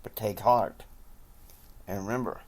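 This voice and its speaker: A man's voice: lowish voice, steady tone, measured pace, darkish tone, husky. A man voicing a stern male patriarch who solemnly gives advice.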